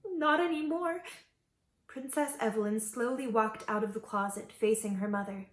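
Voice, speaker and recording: A woman reading an original fairy tale aloud to children, with gentle, expressive storytelling. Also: mid-range voice, normal speed. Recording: echoey room.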